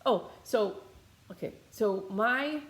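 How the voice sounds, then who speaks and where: A woman's voice: mid-range voice, lively intonation, slow pace, roomy sound. A woman giving a loose, conversational guided healing meditation with lots of fillers and restarts. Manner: rambling, conversational, many fillers. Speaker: meditation teacher. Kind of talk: guided meditation talk, channeling.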